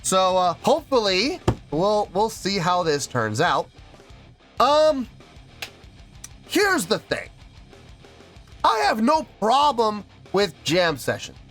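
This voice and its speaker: A man hosting a music reaction video, talking in a lively, mock-outraged way with drawn-out emphasis. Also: high-pitched. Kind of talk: casual reaction vlog.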